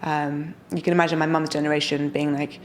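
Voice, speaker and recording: Young woman founder: low voice, energetic, enthusiastic delivery. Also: slight background noise. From United Kingdom. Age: young adult. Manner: energetic, enthusiastic, quick asides. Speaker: startup founder and guest. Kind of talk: casual interview talk.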